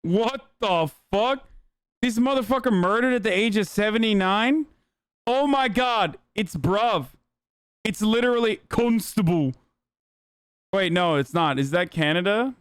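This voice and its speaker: A young man streams and reacts to clips, talking loose and profane. His voice sits high for a man but sounds smooth and resonant. The sound is dry and close with no room. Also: animated, normal speed, fairly bright tone, no room sound. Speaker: streamer host. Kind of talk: casual livestream reaction chat.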